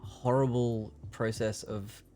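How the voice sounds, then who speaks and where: A man's voice: medium pitch, flat delivery, takes it slowly, warm tone, soft background music. A young man casually explaining a keyboard build on a livestream, rambling with lots of fillers. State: hiccuping.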